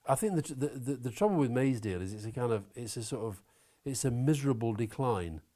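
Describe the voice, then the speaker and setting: A man talking as an interview guest, opinionated and animated, swearing now and then. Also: mid-range voice, fairly quick. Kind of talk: conversational interview.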